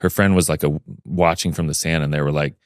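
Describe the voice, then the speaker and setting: A man as a podcast guest, telling a personal story in a lively way and acting out the things people said. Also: a bass voice, fast talker, dry recording, clean studio sound. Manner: lively storyteller who acts out remembered dialogue.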